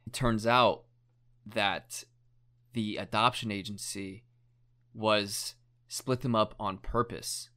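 A young man with a fairly low voice tells a story in loose, casual chat. He rambles, leans on "like" constantly and swears without thinking about it. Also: steady tone, slow pace, long pauses, pushed and bright. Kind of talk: casual chat, retelling a documentary.

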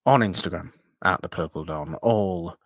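A man's voice: deep voice, moderate pace, dry recording, clean studio sound. A man co-hosting a podcast, reading out links and plugs in a casual outro. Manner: reads off plugs and links in a steady list. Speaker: podcast co-host.

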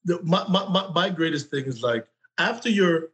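Higher-voiced man from Jamaica asking questions. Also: lively intonation, normal speed, fairly bright tone, poor audio. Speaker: co-host. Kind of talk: casual interview talk.

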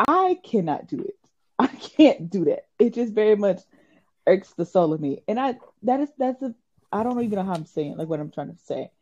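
Woman in her twenties, podcast co-host, husky and bouncy, a bit high, dull lo-fi sound. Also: moderate pace. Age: 20s. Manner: animated, giggly storytelling. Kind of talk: casual chat.

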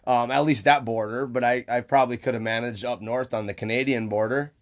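A man's voice: medium pitch, fairly even intonation. A man from Upper Michigan, rambling and chatty in a casual podcast conversation. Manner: rambling, chatty, quick asides. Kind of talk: casual chat.

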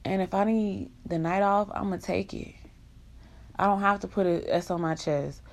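A woman's voice: mid-range voice, steady tone, moderate pace, gravelly. A young woman in an emotional vlog rant, venting in raw, profane country slang.

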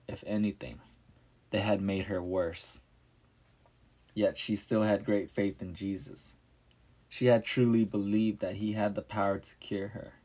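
Slow, low-voiced male storyteller. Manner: calm, measured reading. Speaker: narrator. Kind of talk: scripted storybook narration.

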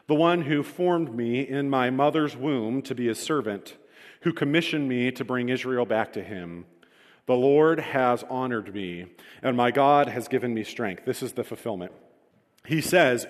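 A man preaching a sermon in a conversational, self-deprecating storytelling manner, in a church hall. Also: medium pitch. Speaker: pastor. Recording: reverberant hall.

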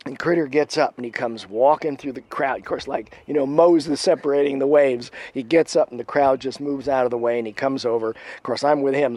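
A man telling a long story in casual talk. He acts out the voices of the people in it and drops to a hush at the tense moments. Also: mid-range voice.

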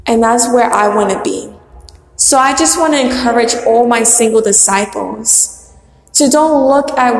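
Young woman, earnest testimony, fervent and repetitive, higher voice, echoey room. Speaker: single church member sharing testimony. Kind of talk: heartfelt faith testimony. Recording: echoey hall with long reverb.

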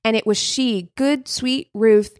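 A woman's voice: fairly high pitch, fairly even intonation, takes it slowly, a little mellow, no room sound, clean studio sound. A woman co-hosting a podcast, telling a true crime story in casual chat, laughing often and swearing, and slipping into mocking voices.

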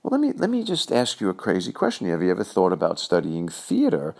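A man putting on a calm woman professor. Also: sits low, quick pace, gravelly, heavily acted. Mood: curious. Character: poised woman college professor, calm and curious.

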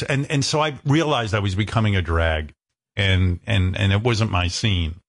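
A male radio host telling a story in casual chat, profane and self-mocking, leaping up in pitch whenever he acts out what other people said to him. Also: lively intonation, creaky. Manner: acts out quoted people with quick pitch jumps.

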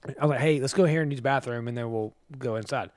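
With a medium-pitched voice and a fast delivery, a man co-hosting a podcast tells lively stories in casual conversation, acting out the quotes. The sound is clean studio audio with no room sound.

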